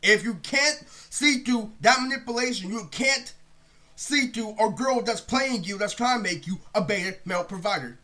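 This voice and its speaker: A man's voice: sits high, normal speed, pushed and bright. A young man delivering a heated, profane, rambling rant to camera as a vlogger. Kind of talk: ranting monologue to camera.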